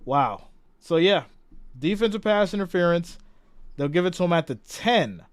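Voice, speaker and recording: A man's voice: high voice, expressive, moderate pace, clean tone, no echo. A man giving casual play-by-play on a live stream, reading and greeting viewer comments as he goes. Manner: chatty, reads out viewer comments and greets them.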